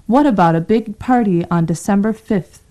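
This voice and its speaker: A woman's voice: medium pitch, moderate pace, dark tone, close to an everyday voice. A woman reading the lines of a sociable wife in a storybook, in a plain read-aloud way. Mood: chatty. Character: sociable wife planning a party.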